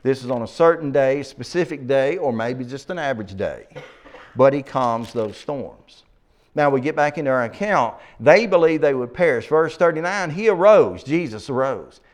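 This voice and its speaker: A man leading a Bible study, reading scripture aloud slowly and asking his listeners questions. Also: mid-range voice, expressive. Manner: reads scripture aloud slowly, then asks the class questions.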